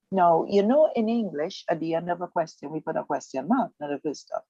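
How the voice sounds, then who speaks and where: A woman teaching a language lesson on a radio show, explaining patiently and repeating words slowly. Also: on the low side, lively intonation, mellow, breathy edge, no room sound, muffled recording. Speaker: Spanish teacher.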